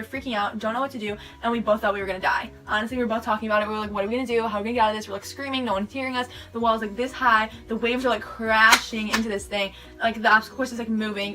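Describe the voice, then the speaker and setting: A teenage girl rushes through a rambling story for her vlog, words tumbling out with "like" everywhere. Her voice is bright and fairly high. She sounds a little far from the camera mic, with faint music in the background. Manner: rambling, filler-heavy retelling with lots of "like". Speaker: vlogger. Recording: sped-up audio from a distant mic with music behind.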